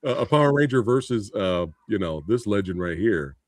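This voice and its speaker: A man's voice: lowish voice, expressive, a little fast, no room sound, studio quality. A man hosting a casual movie discussion show, upbeat and playful, laughing often. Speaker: podcast host.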